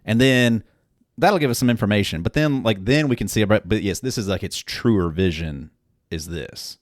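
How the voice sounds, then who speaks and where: A man's voice: on the low side, moderate pace, dry recording, studio quality. A man co-hosting a casual podcast, joking and rambling, often trailing off mid-thought while tasting drinks. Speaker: podcast co-host.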